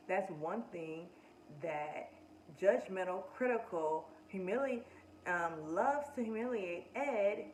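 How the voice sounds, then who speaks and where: A woman with a mid-range voice reviews a show casually and with strong opinions, speaking straight to her viewers. The recording sounds echoey with a distant mic, faint ambience, and slight background noise.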